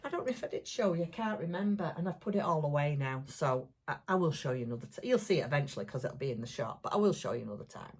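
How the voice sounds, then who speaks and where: A woman chats through her crafting vlog in a low, slightly husky voice. She gushes and rambles with lots of fillers, thrilled by every little thing she shows. Her talk is casual and homely, like catching up with a friend. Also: fast, few pauses. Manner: gushing, excitable, rambling with many fillers. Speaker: crafting vlogger. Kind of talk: casual chatty show-and-tell.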